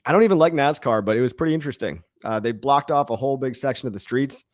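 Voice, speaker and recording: A man's voice: mid-range voice, fast, no echo, clean studio sound. Rambling jokey man hosting a live stream. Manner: rambling, jokey, swears casually. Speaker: crypto live stream host. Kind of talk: casual live stream chat reading comments.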